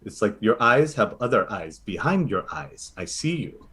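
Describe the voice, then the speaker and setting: In a tabletop role-play, a man voices an elderly, motherly Filipino grandmother who is a sorceress, using a put-on Filipino accent, broken English, and "honey" for everyone. His voice is fairly low, sing-song, fairly bright, and moderately paced.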